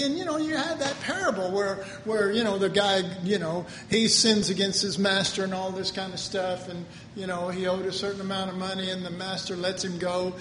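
A man's voice: high voice, steady tone, moderate pace, few pauses, fairly bright tone, slight background noise. A man, preaching a conversational sermon with personal stories. He tells them in an earnest, folksy way and builds to emphatic preaching. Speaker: pastor. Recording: echoey hall with faint ambience.

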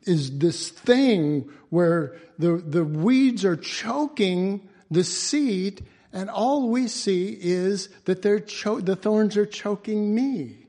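A man's voice: high-pitched, slow, hardly any pauses, mellow. A man giving an informal Bible teaching in a folksy way, chuckling often and restarting his phrases.

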